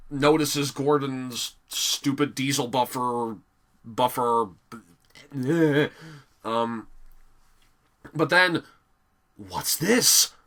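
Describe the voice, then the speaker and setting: A man giving a casual, animated video review, often laughing and filling pauses with "um". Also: mid-range voice. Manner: animated, giggly, many fillers.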